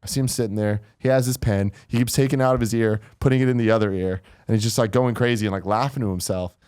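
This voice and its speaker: A man hosting a podcast, telling a story in an animated, casual way, swearing freely and acting out the quotes. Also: fairly low pitch, quick pace, smooth. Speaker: podcast host.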